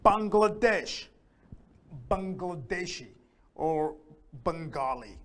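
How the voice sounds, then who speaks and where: A man teaching a beginner English lesson, speaking slowly and carefully and repeating words so learners can hear the pronunciation. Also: high voice, animated.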